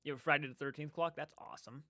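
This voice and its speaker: Male livestream host, casual chat, rambling, excitable, bright voice, dry close sound. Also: fairly high pitch, racing, no room sound. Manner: rambling and excitable, many restarts. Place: indoor room.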